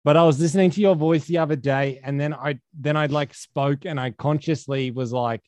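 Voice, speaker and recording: A man's voice: fairly high pitch, fairly even intonation, fairly quick, a little mellow, no echo. A man with an Australian accent, co-hosting a podcast in laid-back, rambling casual chat. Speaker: podcast co-host.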